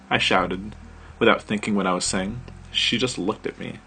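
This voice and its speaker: Low-pitched man narrating his own story, hesitant and inward. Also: steady tone, normal speed, gravelly, bright, forceful tone, husky.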